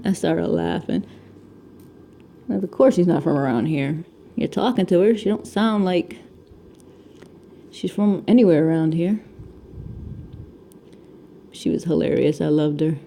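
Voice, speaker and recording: Chatting while she diamond paints at home, a crafting vlogger from Connecticut in her thirties rambles and laughs often, her Connecticut accent picked up by the camera mic. She speaks low and warm but animated, at a measured pace, with creakiness and long pauses. A little hiss or hum is audible.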